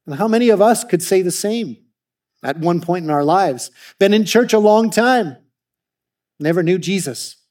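Animated man sharing ministry stories. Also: fairly high pitch. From Canada. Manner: animated storytelling with frequent restarts. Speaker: ministry speaker presenting slides. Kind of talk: testimony talk to an audience.

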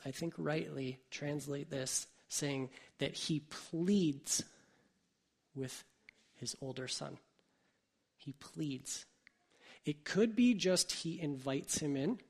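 A man preaching a sermon in a relaxed, conversational way, full of asides and rhetorical questions. His voice is husky with a gravelly edge, and it sits somewhat high for a man. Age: adult parent. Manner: conversational, thinking aloud with frequent "like" and "right?". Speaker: pastor.

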